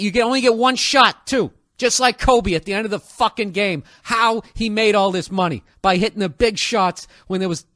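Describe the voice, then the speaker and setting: High-voiced man on a profane rant. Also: a bit bright, dry recording, clean studio sound. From United States. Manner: profane, sarcastic ranting. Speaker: podcast host. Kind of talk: solo podcast rant.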